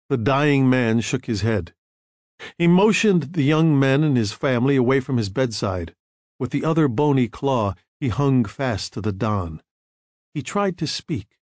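Male narrator, lively pitch, slightly high voice, dry close sound, audiobook. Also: a little slow, dry recording. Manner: expressive storytelling.

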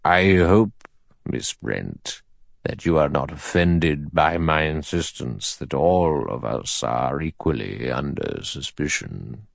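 Man voicing an old judge, thin acid tone, slow, deliberate, very low pitch. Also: lively intonation, gravelly, no echo, full character voice. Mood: measured. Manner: slow, measured, dry. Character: elderly male judge, thin sour acid voice.

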